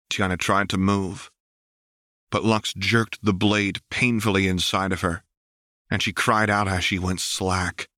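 A man with a deep voice narrates a story in steady, measured storytelling. His tone is bright and forceful, and the recording is dry and close, with no room around it. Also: dry recording. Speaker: audiobook reader.

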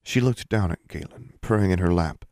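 Deep-voiced male audiobook narrator. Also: normal speed, a little mellow, no room sound, studio quality. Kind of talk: scripted narration.

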